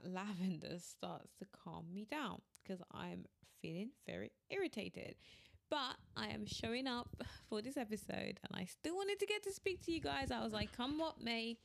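A woman in her thirties with a medium-pitched, vocal-fry voice hosts her own podcast solo. She talks casually and candidly, laughing between phrases as she admits she's irritated.

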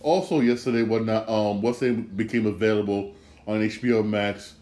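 Male podcast host, low voice, rambling and heated, roomy echo. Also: steady tone, moderate pace, a little mellow. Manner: rambling, repeats himself, gets worked up. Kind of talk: casual sports talk.

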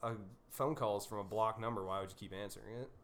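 A woman's voice: a bass voice, quick pace. A woman co-hosting a podcast in casual chat, telling blunt, swearing stories. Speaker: podcast co-host.

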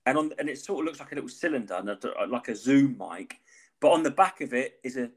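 A man co-hosting a podcast, talking loosely and rambling from point to point. He swears casually. His voice sits at an ordinary middle pitch for a man. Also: expressive, fast talker, slightly rough. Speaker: podcast co-host. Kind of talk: casual chat.

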